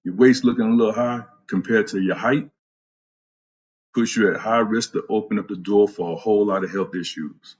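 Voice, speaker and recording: A man talks to his viewers as a fitness trainer on a casual stream, in a lowish, husky voice. He is blunt and profane, trash-talking his audience about getting in shape. He breaks off to greet people by name. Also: normal speed, muffled recording.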